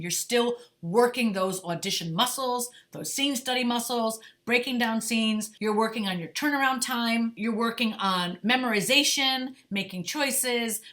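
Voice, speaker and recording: A middle-aged woman with a bright, forward voice gives acting advice straight to the camera. She talks in a conversational way, pressing her points and checking in with her viewers. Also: a little high. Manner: emphatic, conversational, asks "okay?" and "right?". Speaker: talent manager giving acting advice. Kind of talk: direct-to-camera advice talk.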